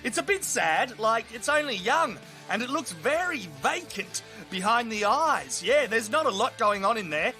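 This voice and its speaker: An Australian man giving crude, excitable mock sports commentary, shouting at big moments. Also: very high-pitched, moderate pace, faint music behind. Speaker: comedy fight commentator.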